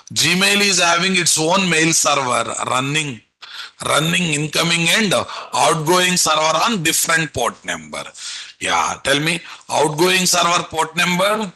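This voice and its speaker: Bright, punchy instructor. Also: male voice, on the high side, poor audio. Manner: quizzes students with rhetorical "what?" questions; repetitive, coaxing teacherly delivery. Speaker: programming instructor. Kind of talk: live online lecture.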